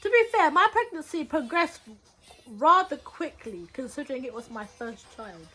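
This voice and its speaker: Animated young woman telling a story. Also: sits high, moderate pace, soft background music. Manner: animated, acts out quotes with loud bursts and laughter; slangy, repetitive phrasing. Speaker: vlogger. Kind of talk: casual storytime.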